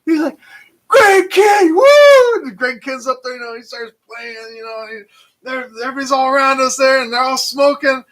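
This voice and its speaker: A man casually telling a long, animated story full of fillers and restarts. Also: extremely high pitch, brisk, low-quality recording. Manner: animated, rambling anecdote with frequent fillers. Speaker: channel host.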